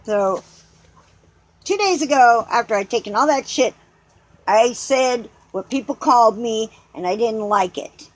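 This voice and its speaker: A woman's voice: on the high side, expressive, measured pace, low-quality recording. A woman vlogger in an angry rant, combative, sarcastic and swearing as she reads out and answers comments.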